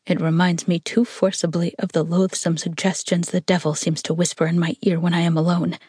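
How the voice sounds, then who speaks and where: A woman's voice: on the low side, little pitch movement, a little fast, dark tone, breathy edge, dry recording, studio quality. A woman reading aloud voices a devoted, tormented young man who speaks in earnest murmurs, sometimes half-whispered.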